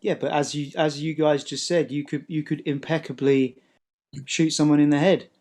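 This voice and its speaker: A man's voice: fairly high pitch, steady tone, normal speed, darkish tone. A man calling into a debate, hesitant and conciliatory, often stumbling over his words. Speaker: caller. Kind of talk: casual debate call.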